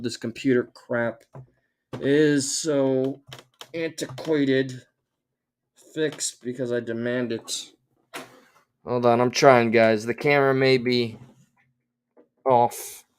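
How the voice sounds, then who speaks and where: A man's voice: medium pitch, fairly even intonation, slow pace, long pauses, clear, resonant tone. A man hosting a casual livestream, rambling and theatrical, muttering and swearing to himself between remarks to his chat. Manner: exasperated, theatrical, rambling with tech trouble. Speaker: livestream host.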